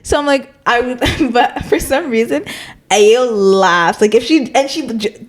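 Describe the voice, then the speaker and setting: Young woman from Canada, relaxed podcast co-host, chatty and quick to laugh. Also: on the high side. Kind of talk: casual chat.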